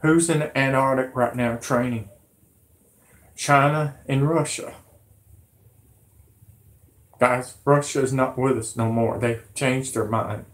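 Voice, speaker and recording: A man with a hoarse, sick voice, rambling to his viewers in an agitated, pleading, repetitive way. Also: medium pitch, fairly even intonation, slow pace, pauses often. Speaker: conspiracy vlogger. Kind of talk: rambling monologue to camera.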